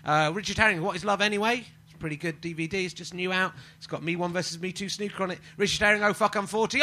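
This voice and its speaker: A man in his forties hosting a live comedy podcast, rambling and self-mocking, prone to sudden shouting. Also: high-pitched, fast, few pauses. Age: 40s. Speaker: podcast host. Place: live venue with audience.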